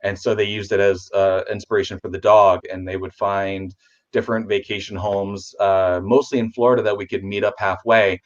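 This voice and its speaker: A man with a fairly low voice speaks as a guest on a casual video chat. He rambles, restarts his sentences and talks warmly about his pets. The sound is dull and lo-fi. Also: level tone, moderate pace.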